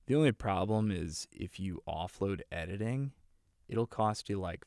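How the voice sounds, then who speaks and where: A man's voice: sits low, unhurried, a little mellow, no room sound. A man hosting a livestream, chatting casually and rambling with many fillers while he edits audio on a close desk mic. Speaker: livestream host editing audiobooks. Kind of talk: casual chat while editing.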